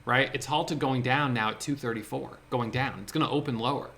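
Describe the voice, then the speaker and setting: Excitable bright-voiced man recapping trades. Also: medium pitch. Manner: excitable, thinking aloud with quick restarts. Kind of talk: casual screen-share trade recap.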